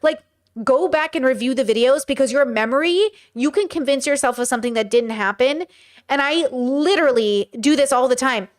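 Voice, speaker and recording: A woman's voice: high voice, a little fast. A woman hosting a podcast, giving blunt, chatty commentary and reading out viewer chat, swearing freely. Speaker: podcast host reacting to a clip.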